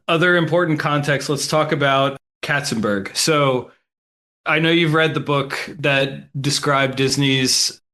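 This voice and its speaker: A man's voice: medium pitch, bright, forceful tone. A man co-hosting a film podcast, talking in a loose, chatty way with lots of "like.". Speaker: podcast co-host. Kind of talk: casual chat.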